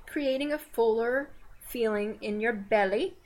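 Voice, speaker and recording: A woman's voice: fairly high pitch, measured pace, a little mellow. A woman with a Southern American accent co-hosting a casual faith podcast, chatty and digressive with teasing asides. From Southern United States. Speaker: podcast co-host.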